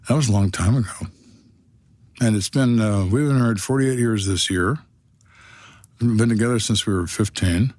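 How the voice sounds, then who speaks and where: A man's voice: fairly low pitch, a little mellow, no room sound. A man in his sixties, a retired detective, telling stories on a podcast in a blunt, dry, wry way. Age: 60s. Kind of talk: storytelling on a podcast.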